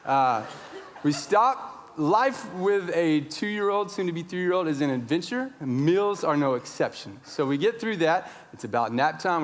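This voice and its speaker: A man in his thirties, a pastor telling a story in a sermon, acting out his own shouting. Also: fairly high pitch. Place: large church sanctuary. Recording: long church reverb.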